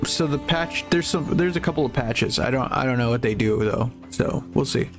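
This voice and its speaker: A man's voice: mid-range voice, normal speed, music in the background. A tired young man hosting a game stream, rambling casually and swearing now and then while he sorts out the settings. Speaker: gaming streamer. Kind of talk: casual gameplay stream talk.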